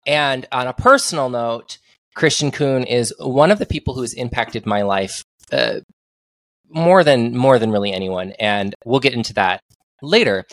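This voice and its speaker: A man hosting a casual podcast interview, teasing himself and breaking into high, excited exclamations. His voice sits at an everyday middle pitch, recorded close and dry with no room sound. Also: no room sound. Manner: playful, self-mocking, bursts into high excited exclamations. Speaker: podcast host.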